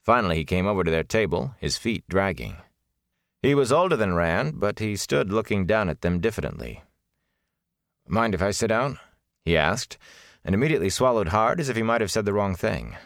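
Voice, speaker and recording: A man narrating a fantasy novel in measured, expressive storytelling. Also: fairly low pitch, vocal fry, dry recording, clean studio sound. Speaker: audiobook narrator.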